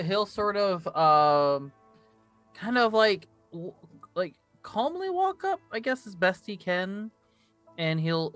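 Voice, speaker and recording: A man's voice: on the high side, sharp tone. A man playing a tabletop game, hesitant and stammering, with many fillers. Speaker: player.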